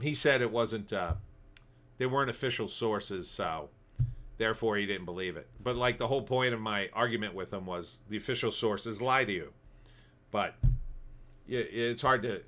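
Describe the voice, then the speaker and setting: A man's voice: lowish voice, pushed and bright. A man hosting a livestream, rambling casually as he reads viewer comments. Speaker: livestream host. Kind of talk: casual commentary reading chat.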